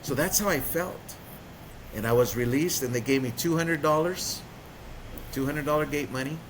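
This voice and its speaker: A man's voice: moderate pace, poor audio. Earnest man telling his recovery story. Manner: earnest, storytelling, drops quiet at heavy points. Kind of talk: personal testimony in conversation. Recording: vehicle rumble behind.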